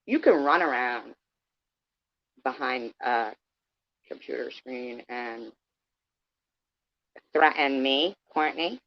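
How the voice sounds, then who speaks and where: Low-voiced, combative woman in her fifties. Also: takes it slowly, creaky, long pauses, muffled recording. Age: 50s. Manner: sarcastic, combative, addresses viewers by name. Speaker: live streamer. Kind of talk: confrontational livestream rant.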